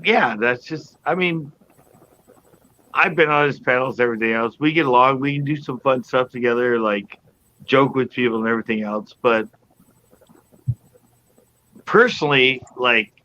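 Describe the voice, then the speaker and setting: A man's voice: mid-range voice, normal speed, long pauses, pushed and bright, lo-fi sound, a little hiss or hum. A man hosting a casual live panel chat, telling stories in a rambling way with many restarts. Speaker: host.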